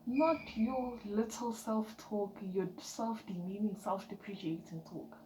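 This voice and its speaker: A woman giving an emphatic, chatty motivational vlog talk, dropping now and then into soft whispered asides. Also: mid-range voice, takes it slowly. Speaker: vlogger. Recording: echoey room with background noise.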